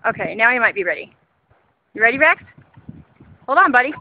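A woman's voice: fairly high pitch, big pitch swings, brisk, phone-quality sound. A woman talking sweetly to her dog in a casual home video outdoors. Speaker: dog owner filming her pet.

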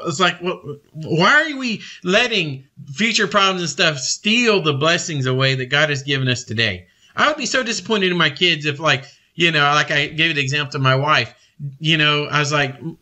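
An earnest male preacher teaching in a loose, conversational way, full of fillers and restarts. His voice is bright and sharp and sits slightly high. He gets animated as he talks. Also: normal speed. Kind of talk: informal devotional teaching.

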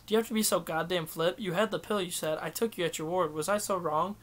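A man's voice: high voice, fairly even intonation, fast talker, fairly bright tone. Sulky young college man, defensive, plaintive questions; male reader doing the part. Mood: aggrieved.

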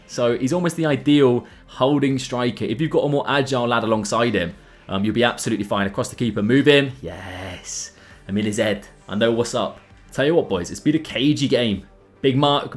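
A young man commentating his own football video game matches in a casual, excitable way, his voice jumping up at big chances. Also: mid-range voice. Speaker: gaming YouTuber. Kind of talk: gameplay commentary.

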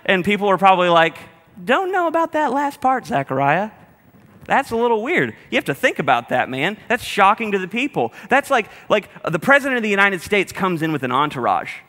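A man preaches to his congregation in a loose, humorous, chatty way. His voice sits a little high and sounds bright and forceful. The sound carries the long reverb of a church hall. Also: big pitch swings, fast, hardly any pauses. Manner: humorous, conversational, speaks directly to the congregation. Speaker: pastor. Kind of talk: sermon.

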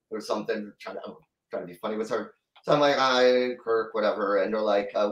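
A middle-aged man telling a long story as a guest in an interview, rambling and halting, with many restarts. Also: on the low side, reverberant, far from the mic, rough recording. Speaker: guest musician.

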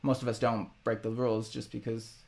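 A man musician talking casually about his own songs, halting and rambling with many restarts. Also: medium pitch, little pitch movement, creaky, darkish tone. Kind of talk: casual reflective monologue.

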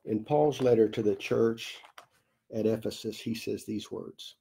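Male pastor preaching a story-driven sermon; lowish, gravelly voice, unhurried with long pauses. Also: fairly even intonation, warm tone. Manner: slow, deliberate storytelling with long dramatic pauses. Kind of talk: sermon storytelling in a recorded Bible study.

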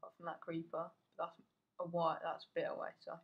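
A man's voice: fairly high pitch, completely flat delivery, a little fast, vocal fry, muffled recording. Teen boy, gameplay commentary, muttering, swearing, startled yelps. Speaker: gamer.

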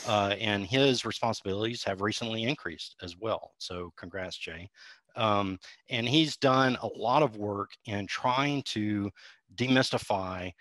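Low bright-voiced man explaining on a stream. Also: a little slow, dry recording. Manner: friendly, explanatory, with many fillers. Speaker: engineering executive guest. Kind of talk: casual stream chat.

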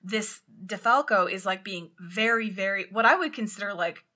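A woman co-hosting a podcast, telling a story in casual chat, animated and swearing as she acts out quotes loudly. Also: mid-range voice, normal speed. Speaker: podcast co-host.

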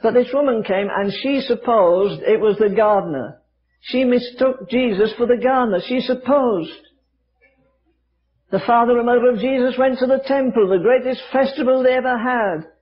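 An older man preaching with a high, lifted voice, spinning stories and rhetorical questions with a dry wit. The old recording is dull and muffled. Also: moderate pace. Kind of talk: sermon. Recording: dull lo-fi archive sermon recording.

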